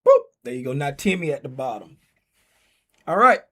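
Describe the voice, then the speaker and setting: A man hosting a casual trading livestream, talking loosely and playfully straight to his chat, getting loud and excited as he calls a giveaway race. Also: mid-range voice, fast talker.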